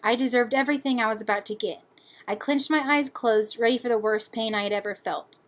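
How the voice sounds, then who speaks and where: A young woman and student reading her personal essay aloud in an earnest, measured way. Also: a little high.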